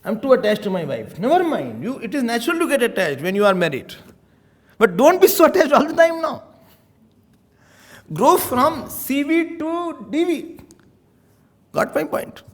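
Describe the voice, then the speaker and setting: A swami preaching in English with an animated, storytelling manner. His voice sits high and swings widely in pitch, rising and falling with emphasis. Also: normal speed, long pauses. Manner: animated, acts out little scenes, chuckles often. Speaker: swami giving spiritual talks. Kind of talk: sermon.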